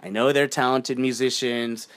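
A man talking calmly and thoughtfully as a guest in a casual podcast chat. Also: medium pitch, moderate pace.

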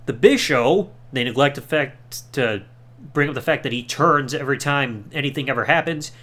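A man's voice: a little high, a bit bright. A man hosting a podcast, reviewing in a sarcastic, mocking way and swearing casually. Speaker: podcast host.

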